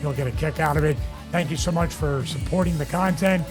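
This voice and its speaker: A man's voice: on the high side, a little fast, over music. Philly-accented man host, voice going. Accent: Philadelphia. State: losing his voice. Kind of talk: casual podcast chat.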